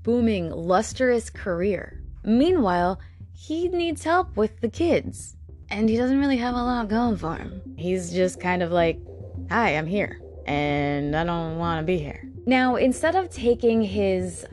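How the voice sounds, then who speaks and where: A woman casually narrating a true crime story, blunt and sarcastic, swearing in her asides. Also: medium pitch.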